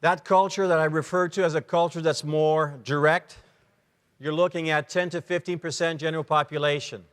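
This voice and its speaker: A man giving a lively talk at a men's conference, acting out short dialogues and sound effects as he explains. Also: on the high side, normal speed. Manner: animated, acts out little dialogues and sound effects. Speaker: conference speaker. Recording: long reverb of a large hall.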